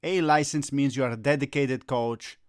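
A man's voice: medium pitch, steady tone, normal speed, dry recording, studio quality. A middle-aged man playing a youth soccer coach in a comedy sketch, given to gloomy melodramatic rants that flare into agitated Italian curses.

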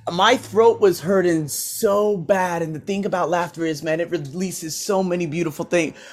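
A man hosting his coaching podcast in a motivational preaching mode, swinging between loud declarations and low asides, recorded on a laptop at home while he paces. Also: fairly even intonation, moderate pace. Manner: swearing, talking to himself by name. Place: indoors at home, pacing with a laptop. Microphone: laptop mic.

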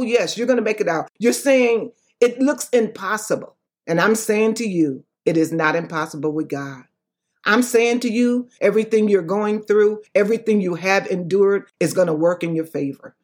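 A woman evangelist giving impassioned personal testimony, emphatic and preacher-like, repeating phrases for effect. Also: mid-range voice. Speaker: evangelist and author guest.

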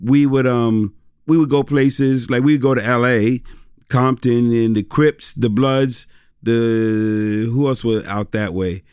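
A middle-aged man who is a pastor tells stories in an easygoing interview. He rambles with many fillers and restarts in a mid-pitched voice. The sound is dry and close. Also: fairly even intonation, slow, a little mellow, clean tone, no room sound. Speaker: pastor and former rapper. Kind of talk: casual interview storytelling.

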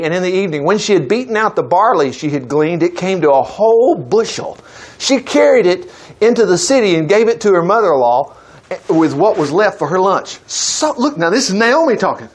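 Lively high-voiced man teaching scripture. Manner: enthusiastic, interjecting exclamations. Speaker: Bible teacher. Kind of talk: reading scripture aloud with running commentary.

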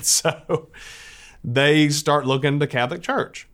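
A man's voice: mid-range voice, normal speed. A man from the United States telling a personal faith story in a conversational way. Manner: conversational, lively when quoting others.

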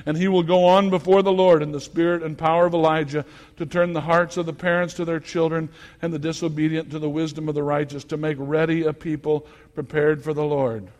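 A male pastor preaches a sermon in a high, bright voice that carries a long reverb through the church. He drops to quiet, teacherly talk and then climbs into loud exhortation. When he gets worked up, he repeats and stumbles over his words. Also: flat delivery, brisk. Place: church sanctuary. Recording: long echo of a church hall.

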